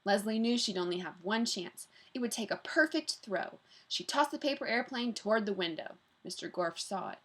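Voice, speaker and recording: A woman reading a children's book aloud to her students, telling it in an expressive way. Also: mid-range voice, normal speed, few pauses. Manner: expressive, warm storytelling.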